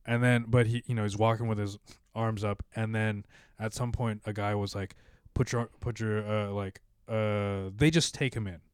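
A man's voice: fairly low pitch, steady tone, normal speed, smooth, dry recording, clean studio sound. A man hosting a podcast, telling a story in casual chat, rambling with lots of fillers and acting out the voices he quotes.

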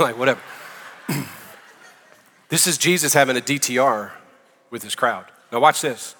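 A man's voice: mid-range voice, pushed and bright. A male pastor with a Southern US accent preaching a sermon in a conversational way, with joking asides. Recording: long hall reverb.

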